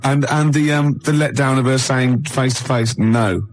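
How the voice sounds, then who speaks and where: A man's voice: mid-range voice, steady tone, normal speed, faint music behind. A man co-hosting a radio chat show, chipping in with dry, teasing remarks while another man tells a story. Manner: chips in with teasing, dry asides. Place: radio studio.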